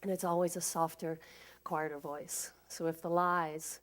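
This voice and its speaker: A woman's voice: low-pitched, unhurried. A woman speaker giving an inspirational talk at a spiritual service and leading the congregation in an affirmation. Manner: lively, leads the congregation in an affirmation.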